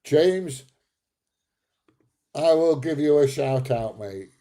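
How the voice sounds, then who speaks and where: Slow, dark-voiced man in his seventies. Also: a little high, expressive. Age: 70s. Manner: laughs often, banters back at chat trolls. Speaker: livestream host reading chat. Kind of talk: casual live stream chat.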